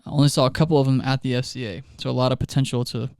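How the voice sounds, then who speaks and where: Man, youth ministry co-host, casual podcast chat, smooth clear voice, dry close mic, laughs through his stories. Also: mid-range voice, flat delivery, rapid-fire, darkish tone, no echo. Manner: chatty storyteller, laughs often mid-sentence.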